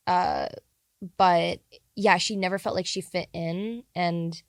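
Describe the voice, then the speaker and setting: Soft-spoken, lower-voiced woman co-host. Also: steady tone, slow, vocal fry, no echo, studio quality. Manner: soft-spoken, trailing off quietly. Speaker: podcast co-host. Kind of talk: casual chat.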